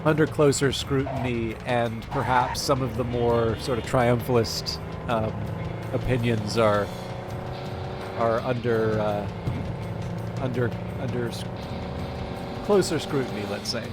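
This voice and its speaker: A man's voice: mid-range voice, steady tone, measured pace, pauses often, loud music behind the voice. A man streaming a game, chatting casually and rambling with many fillers and restarts. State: mouth full of food. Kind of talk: casual live-stream chat.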